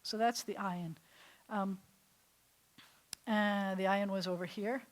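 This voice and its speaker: A woman's voice: mid-range voice, steady tone, slow. A woman, a rabbi teaching a small class in a classroom, chatty and step by step, often putting questions to her students. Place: classroom with a small group seated.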